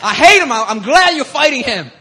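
A man voicing an excitable teenage boy who eagerly eggs his friend on, loud and pushy. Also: very high voice, a little fast, breathy edge, voice pushed up, heavily acted. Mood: hyped up.

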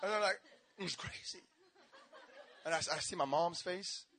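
Here a young man preaches as pastor, recounting his testimony with energy and slang while mimicking voices and shifting between laughter and yelling. His pitch is fairly high and his pace moderate, with some chatter audible behind him.

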